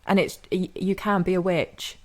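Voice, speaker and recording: A woman's voice: fairly low pitch, fairly even intonation, moderate pace. A young woman co-hosting a podcast in casual chat, upbeat and slangy. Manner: upbeat, slangy, eager to cheer on. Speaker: podcast co-host.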